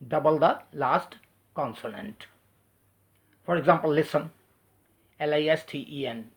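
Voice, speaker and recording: Fairly high-voiced man spelling words out. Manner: spells words out letter by letter, slow deliberate delivery. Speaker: English teacher. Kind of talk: spelling lesson switching between English and Hindi.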